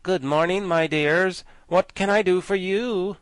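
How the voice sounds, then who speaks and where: A man reading an audiobook, voicing a fussy, condescending gatekeeper in a raised, lively voice. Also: high-pitched, normal speed, no echo, voice pushed up, low-quality recording. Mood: indignant. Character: pompous fussy man guarding city gates.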